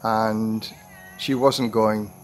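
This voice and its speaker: A man's voice: on the low side, level tone, very slow, slight background noise. A retired man in his sixties telling a rambling personal anecdote to camera, full of restarts and acted-out quotes. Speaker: vlogger. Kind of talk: storytelling monologue.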